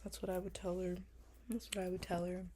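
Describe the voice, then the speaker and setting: A woman's voice: fairly low pitch, level tone, dark tone, slight background noise. A young woman in her twenties, a vlogger answering interview questions in casual, reflective talk, earnest and emotional, with frequent fillers. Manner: earnest, emotional, drawn-out pauses, many fillers. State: close to tears.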